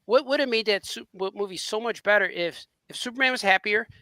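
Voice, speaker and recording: Bright high-voiced podcast man. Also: a little fast, dry recording. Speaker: podcast co-host. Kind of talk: casual movie review chat.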